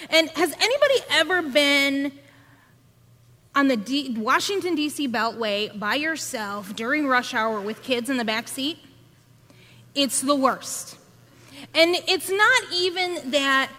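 High, bright-voiced woman preacher in a hall. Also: unhurried. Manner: animated, acting out voices of her children. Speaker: podcast host and preacher. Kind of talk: sermon with storytelling. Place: church sanctuary. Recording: long reverb of a church hall.

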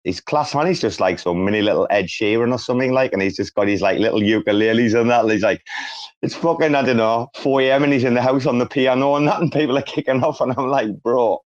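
A man's voice: medium pitch, fast talker. A British man co-hosting a casual online chat, joking, teasing and swearing a lot. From Britain. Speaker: co-host. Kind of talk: casual banter on an audio chat space. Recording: dull lo-fi audio.

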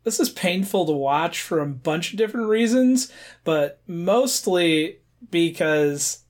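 A man's voice: a little high, expressive, slow pace. A man co-hosting a podcast, giving casual commentary on a movie with dry, observational remarks. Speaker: podcast co-host.

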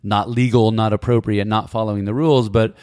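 A man's voice: fairly low pitch, steady tone, a little fast, a little mellow, smooth, no room sound, studio quality. A man in his forties recalling his past, telling it in a meandering, reflective way with many restarts. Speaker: guest recalling Peace Corps service. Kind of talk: casual conversational storytelling.

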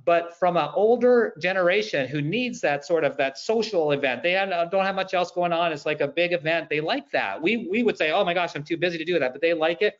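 A man's voice: fairly high pitch, animated, a little fast, hardly any pauses, highs cut off. A man speaking as a panel guest on a webinar, telling personal stories in a conversational way. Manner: storytelling, conversational. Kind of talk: webinar discussion.

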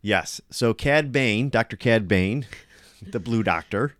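Male podcast co-host, low voice, dry close sound, profane and animated. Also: slow, no room sound. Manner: profane, animated, acts out characters' lines. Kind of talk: casual movie chat.

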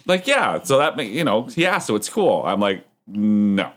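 A man's voice: lowish voice, big pitch swings, normal speed, fairly bright tone. A man hosting a casual podcast, telling rambling joking anecdotes.

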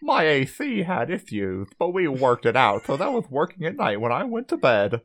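A man on a comedy podcast reading reviews aloud in a deadpan voice with mock enthusiasm. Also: a little high, moderate pace. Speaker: podcast co-host.

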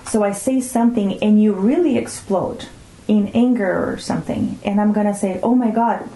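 A woman's voice: medium pitch, moderate pace, reverberant, poor audio. A middle-aged woman whose first language is Portuguese, a guest telling family stories in casual conversation and acting out the voices. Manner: animated storyteller acting out family dialogue.

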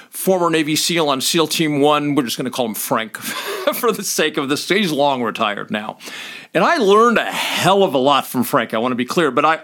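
A middle-aged man and former police officer telling stories in a casual monologue, blunt and swearing freely, laughing between points and acting out shouted commands. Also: a little high. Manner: animated, acts out shouted commands.

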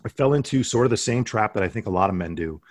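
A man's voice: fairly low pitch, lively intonation, fast, no echo, studio quality. A man in his forties with a New Jersey accent, a podcast guest telling his story in an earnest, self-reflective way. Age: 40s.

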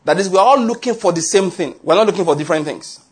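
Preaching fast in a high voice with a breathy edge, a pastor tells lively stories and throws rhetorical questions at the congregation during his sermon.

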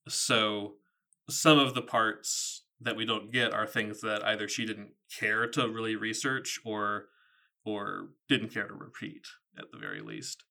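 A man's voice: fairly low pitch, animated, unhurried, vocal fry, bright, forceful tone. A man in his thirties co-hosting a book podcast, chatting in a thoughtful, casual way. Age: 30s. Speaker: podcast co-host. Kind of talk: casual book-discussion chat.

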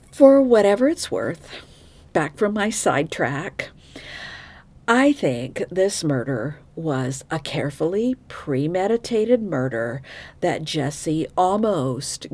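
A woman's voice: low-pitched, very animated, slow, pauses often, a little mellow. A woman hosting a true crime podcast, telling the case in a frank, opinionated, conversational way with asides to her listeners. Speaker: podcast host.

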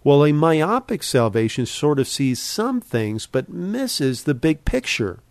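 A man teaching the Bible on a podcast in an earnest, exhorting sermon style, slowing down and speeding up for emphasis. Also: a little high, sing-song, dry recording.

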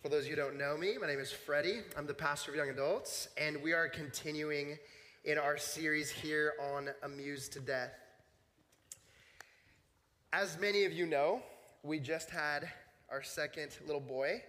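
A man's voice: on the high side, normal speed, sharp tone. A man in his thirties, a young adults pastor, preaching casually and telling stories to a church group. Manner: casual, storytelling, acts out voices in quotes. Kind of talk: sermon with personal stories. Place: church hall. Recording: long hall reverb.

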